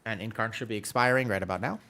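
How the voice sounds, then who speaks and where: A man streaming a game, playing a tank, chats away as he explains his moves and reads chat, sneezing from allergies. His voice is fairly low, fast and sharp-toned in this live gameplay commentary.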